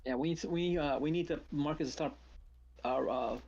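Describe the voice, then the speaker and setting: A man's voice: fairly high pitch, fairly quick, gravelly, husky, highs cut off. A man hosting a live trading stream, chatting casually and telling stories with acted-out quotes. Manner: animated storyteller, acts out quotes.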